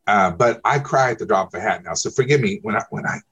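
Husky man, emphatic storyteller. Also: on the low side, expressive, fast talker, fairly bright tone. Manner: emphatic, peppers speech with "okay?". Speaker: insurance broker guest. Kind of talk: conversational storytelling.

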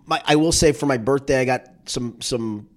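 A middle-aged man hosting a sports podcast, chatting casually and joking. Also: mid-range voice. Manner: animated, quick, joking. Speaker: podcast host.

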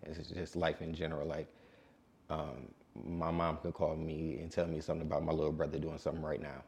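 Man, late twenties, very low voice, calm laid-back DJ guest. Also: fairly quick, gravelly. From Detroit. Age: late 20s. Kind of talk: casual interview.

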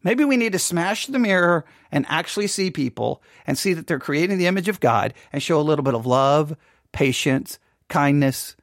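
Devotional host, informal earnest storyteller, mid-pitched, dry home recording. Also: lively intonation, normal speed, no echo. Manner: earnest, storytelling, with many restarts. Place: home setup for a live broadcast.

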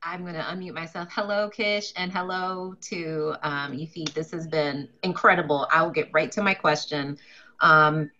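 A woman with a low voice joins a live stream over a video call to ask a question. Her audio is dull and lo-fi. She speaks earnestly and hesitates with "um" now and then. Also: fairly even intonation, moderate pace, sharp tone. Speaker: audience member asking a question.

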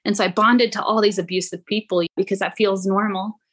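Woman telling a painful story, halting. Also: medium pitch, steady tone, a bit bright, breathy edge. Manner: halting, frequent "like" fillers, quotes others in raised voice. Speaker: podcast guest. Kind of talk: emotional personal storytelling.

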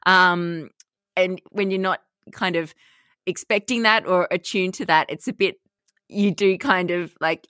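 A woman co-hosting a casual parenting chat, relaxed and wry with many fillers. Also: medium pitch, moderate pace, no echo, studio quality. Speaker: podcast co-host.

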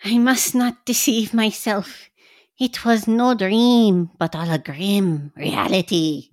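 A woman's voice: medium pitch, slow pace, no room sound, clean studio sound, lightly acted. A woman reading a feverish dying male patient. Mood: grim. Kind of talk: amateur group reading of a novel.

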